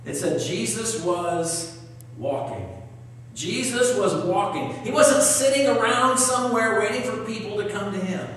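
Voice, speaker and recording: A man's voice: high-pitched, lively intonation, measured pace, a bit bright. A man preaching a sermon, reading scripture aloud and asking his congregation questions. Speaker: pastor. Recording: echoey hall, voice from far off.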